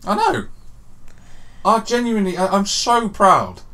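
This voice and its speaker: A young man co-hosting a podcast, telling an excited story that swings from hushed to loud. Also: sits high, unhurried, a little hiss or hum. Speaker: podcast co-host. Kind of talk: excited casual chat.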